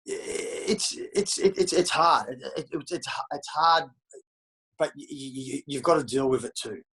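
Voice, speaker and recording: Brief: middle-aged Australian man, husky, a bit high, straight-talking and salty. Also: unhurried, fairly bright tone, rough recording. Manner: blunt and profane, calls everyone mate. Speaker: interview guest. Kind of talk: candid casual interview.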